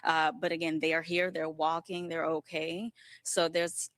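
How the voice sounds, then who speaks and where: A woman field reporter giving a live news report outdoors at a storm-wrecked site, sympathetic and steady. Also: sits low, a little slow, dry recording.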